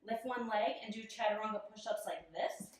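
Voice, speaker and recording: A woman's voice: fairly high pitch, a little fast, slight background noise. A young woman teaching yoga while doing the poses, chatty and laughing at herself, out of breath as she moves. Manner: giggly, self-deprecating, chatty. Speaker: yoga instructor. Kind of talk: guided yoga instruction while demonstrating. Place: room, instructor moving on a mat. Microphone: camera mic at a distance. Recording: very echoey room, voice from far off.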